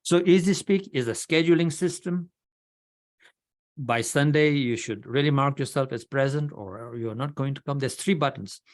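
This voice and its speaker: Blunt club leader giving an orientation. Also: male voice, mid-range voice, moderate pace. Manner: blunt and direct, with many restarts. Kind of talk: orientation talk at a club meeting. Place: online video meeting.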